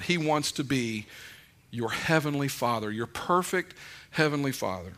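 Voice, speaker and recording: A middle-aged pastor delivers a conversational sermon, weaving folksy stories and gentle humor into his points. He speaks in a mid-range voice at a moderate pace.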